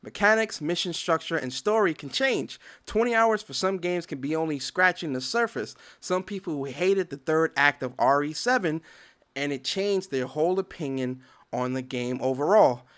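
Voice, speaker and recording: A man's voice: on the high side, lively intonation, moderate pace, fairly bright tone. A man hosting a gaming podcast, reading definitions aloud and ranting in a heated, profane way. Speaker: podcast host. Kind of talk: gaming commentary rant.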